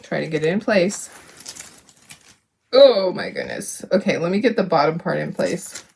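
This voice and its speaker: A woman's voice: lowish voice, expressive, moderate pace, gravelly, darkish tone, husky. A woman hosting a live crafting demo, talking herself through each step, upbeat and self-deprecating, laughing often. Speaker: craft livestream host.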